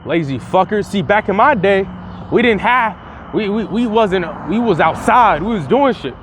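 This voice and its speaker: Grumpy older man griping about lazy youth, profane and scornful, higher pitch than usual for a man, as a young vlogger mimics him. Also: expressive, normal speed, slight background noise.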